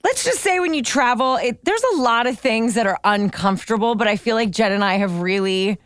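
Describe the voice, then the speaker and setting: A woman's voice: a little high, lively intonation, a little fast, dry recording, clean studio sound. A woman guest on a podcast, casually telling a travel story and swearing now and then. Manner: laid-back, profane storyteller. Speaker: guest, host's best friend.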